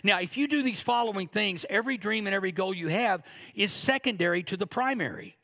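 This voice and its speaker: High, gravelly man preaching a sermon. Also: lively intonation, fairly quick, pushed and bright. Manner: humorous, conversational preaching with acted-out asides. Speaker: pastor.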